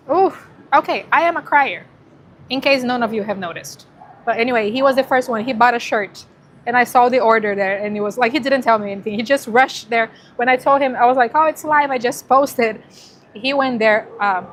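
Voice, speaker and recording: A woman hosting a casual livestream who talks warmly to her viewers and gets teary, cooing now and then to a dog beside her. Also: medium pitch, slight background noise. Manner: chatty and emotional, thanking viewers, cooing to a dog. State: teary, crying. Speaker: livestream host promoting dog rescue.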